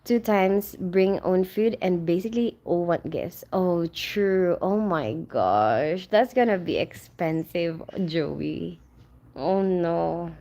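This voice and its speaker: A woman's voice: lowish voice, slow, mellow. Friendly woman livestreaming, reads out chat comments, says um and like a lot. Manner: chatty and friendly, greets viewers by name, many fillers. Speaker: livestream host. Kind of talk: casual live chat, reading viewer comments aloud.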